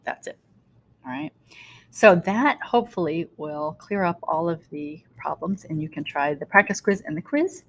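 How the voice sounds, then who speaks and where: A woman's voice: fairly low pitch, expressive, normal speed, creaky. A middle-aged woman teacher recording a German lesson for her class, talking casually, correcting herself and giving everyday examples. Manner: chatty, self-correcting, explains with homey examples.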